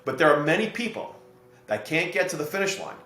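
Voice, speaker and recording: A man's voice: a little high, a little fast. Middle-aged man telling a story in an echoey room. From New Jersey, USA. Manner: steady, explanatory, anecdotal. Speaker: guest, real estate investor. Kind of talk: podcast interview storytelling.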